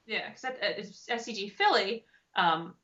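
A woman's voice: medium pitch, measured pace. A young woman chatting casually, telling stories with lots of fillers and laughter. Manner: chatty, laughs a lot, animated storytelling with many fillers. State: pregnant. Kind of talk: casual chat. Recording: dull lo-fi audio.

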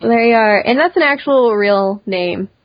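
A woman's voice: fairly high pitch, measured pace, no room sound, lo-fi sound. A young woman guest chatting casually, full of "like" and swearing. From Polish family, grew up in America. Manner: chatty, swears freely, lots of "like". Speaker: podcast guest, cosplayer. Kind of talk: casual chat.

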